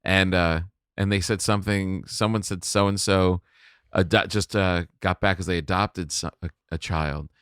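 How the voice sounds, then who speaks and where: Man, middle-aged, podcast guest, chatty, laughs often, low pitch, dry close sound. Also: steady tone, normal speed, fairly bright tone, clean tone, no echo. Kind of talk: casual comedic chat.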